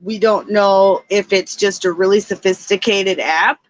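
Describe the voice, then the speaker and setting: On a muffled recording, a female podcast co-host speaks at a measured pace in a mid-range voice with fairly even intonation. Her casual storytelling is loose and rambling, peppered with fillers.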